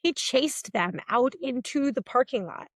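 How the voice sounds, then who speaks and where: A woman in her forties, co-hosting a podcast, telling lively stories in a casual chat. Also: unhurried, no room sound. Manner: animated storytelling, swings between high and low. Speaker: podcast co-host.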